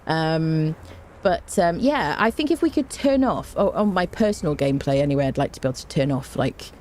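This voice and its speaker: A woman's voice: sits low, lively intonation, fairly quick, darkish tone, a little hiss or hum. A woman streamer greeting her chat in a rambling, playful way, with fun made-up words, from a home room with an open window. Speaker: game streamer. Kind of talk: casual livestream chat. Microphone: desk microphone. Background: fan blowing.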